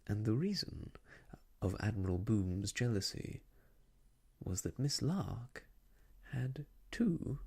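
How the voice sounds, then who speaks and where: Soft asmr storyteller guy, husky low voice, lots of lilt, half whispering. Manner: gentle, slow, partly whispered.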